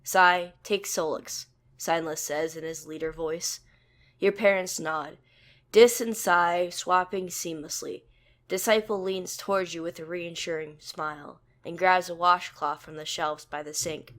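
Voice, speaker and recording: A woman reading a second-person fanfic as narrator in a plain, even storytelling manner. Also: on the low side, measured pace.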